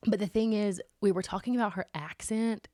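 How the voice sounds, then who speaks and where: A woman in her thirties from Alabama, speaking with a Southern accent and chatting casually as podcast co-host, animated and quick to laugh. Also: medium pitch, no echo, studio quality. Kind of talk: casual chat.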